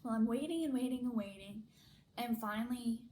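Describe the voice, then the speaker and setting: A woman's voice: on the high side, fairly quick, rough recording. Young woman, casual storytime vlog, chatty with lots of fillers, faint hum behind. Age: young adult. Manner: chatty, many "like" fillers, animated retelling. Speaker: vlogger.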